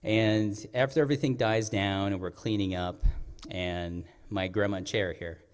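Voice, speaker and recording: A young man tells a personal story from a stage, earnest and reflective, often pausing to clear his throat. His voice sits low. A long hall reverb trails each phrase. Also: steady tone. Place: performing arts center stage.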